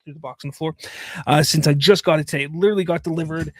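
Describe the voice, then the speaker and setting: A man's voice: fairly high pitch, fairly even intonation, racing, no room sound. A man in his thirties co-hosting a podcast, easygoing and agreeable, laughing often in casual chat. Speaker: podcast co-host.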